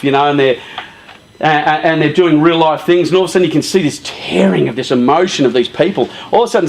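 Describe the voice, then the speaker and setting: A man giving a casual, lively talk to a youth group, often saying "you know" and "um". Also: a little high.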